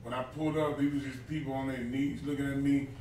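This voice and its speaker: A man's voice: mid-range voice, level tone, quick pace, darkish tone, distant mic, slight background noise. A man telling a personal story in conversation, plain-spoken and incredulous. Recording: echoey room, heard from off-mic.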